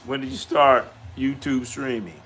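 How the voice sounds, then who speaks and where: A man's voice: medium pitch, steady tone, normal speed, a bit bright. A middle-aged man hosting a casual live stream, trash-talking, repeating himself and answering chat questions aloud.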